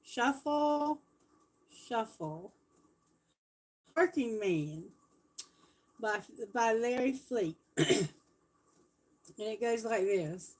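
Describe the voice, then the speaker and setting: On a low-quality phone recording, a tarot reader with a highish, lively voice draws out her words and leaves long pauses. Her live reading is chatty and self-correcting, and she reads lyrics and prayers aloud.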